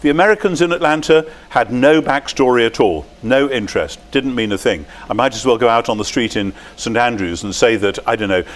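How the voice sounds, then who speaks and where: A man's voice: mid-range voice, a little fast, few pauses. A man giving a talk in a chatty, anecdotal way. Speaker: speaker. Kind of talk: conversational talk.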